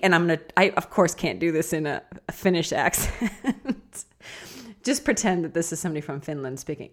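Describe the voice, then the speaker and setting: A woman's voice: low-pitched, expressive, normal speed, pauses often. Playful giggly woman doing a chatty podcast, bouncy voice, faint music underneath. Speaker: podcast host. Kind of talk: casual solo podcast.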